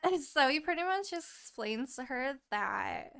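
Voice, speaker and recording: A woman co-hosting a podcast, retelling a book's plot in casual chat, animated and full of swearing. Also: high-pitched, unhurried, vocal fry. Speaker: podcast co-host.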